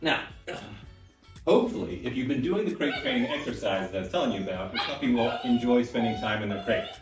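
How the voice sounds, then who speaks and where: A man trainer demonstrating casually and talking softly and soothingly to a puppy. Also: medium pitch, expressive, a little fast, echoey room, distant mic, music in the background. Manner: soothing, soft talk to a puppy. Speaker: dog trainer.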